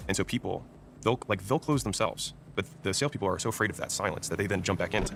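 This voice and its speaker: A man who trains salespeople, talking fast and emphatically and teaching through examples in a casual podcast conversation. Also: low voice, creaky, noisy background.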